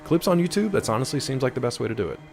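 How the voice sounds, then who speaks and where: A man's voice: medium pitch, big pitch swings, racing, creaky, darkish tone, soft background music. A man streaming a game, chatting casually and wryly with viewers. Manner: chatty, wry, rambling. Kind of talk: casual live-stream chat.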